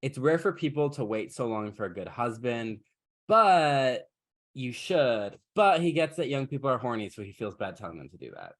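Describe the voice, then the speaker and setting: A male podcast host retells an old fairytale in an irreverent, joking way. His voice sits at a middling pitch. The talk is loose and casual. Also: sing-song, moderate pace. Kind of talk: casual chat, comic retelling.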